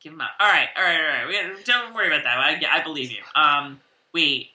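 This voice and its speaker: A woman co-hosting a casual recap chat, chatty and quick to laugh, with lots of fillers. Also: low-pitched, animated, sharp tone, far from the mic. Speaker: podcast co-host. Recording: roomy and off-mic.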